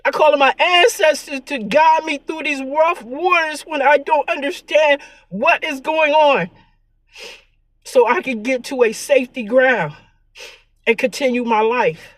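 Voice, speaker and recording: Close and dry with no room sound, this recording catches a high-voiced woman vlogger, tearful and unhurried. Her earnest, preachy spiritual monologue keeps circling back to repeat her points.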